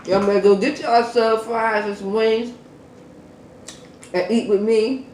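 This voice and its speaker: A man eating on camera, talking casually to viewers between bites and humming contentedly. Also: high-pitched. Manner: slow, relaxed, lots of contented hums between bites. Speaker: mukbang eating vlogger. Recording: echoey room with faint background noise.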